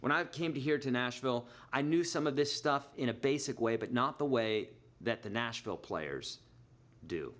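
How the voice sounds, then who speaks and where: Casting: middle-aged male guitar teacher, mid-pitched voice, chatty, explains patiently with homely examples. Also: expressive, moderate pace, fairly bright tone. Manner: chatty, explains with everyday examples, counts beats aloud. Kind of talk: live online guitar lesson. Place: Nashville.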